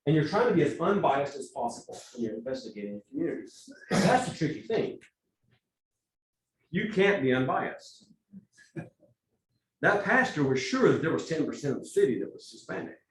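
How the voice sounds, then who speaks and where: A man with a Texas accent teaches a church workshop in a casual, conversational way, his pitch rising and falling a lot. He sounds set back from the microphone in an echoey meeting room, with a faint hum of ambience behind him. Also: normal speed, long pauses, recorded from a distance. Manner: conversational, with lively asides and acted-out quotes. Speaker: evangelism trainer.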